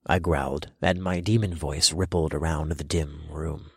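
A man narrating a first-person erotic story in low, measured storytelling. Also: fairly even intonation, breathy edge, no echo, studio quality.

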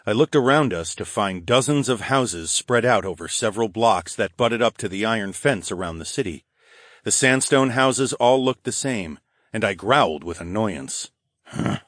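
A man narrating a first-person audiobook in steady, even storytelling from a close mic. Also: moderate pace, no echo. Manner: steady, even storytelling, voicing dialogue slightly higher.

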